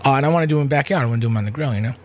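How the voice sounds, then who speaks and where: A man's voice: mid-range voice, very fast. Rambling chatty man with fillers. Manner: chatty, meandering, many fillers and asides. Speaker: podcast host. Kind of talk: rambling casual monologue. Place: home room with air conditioner.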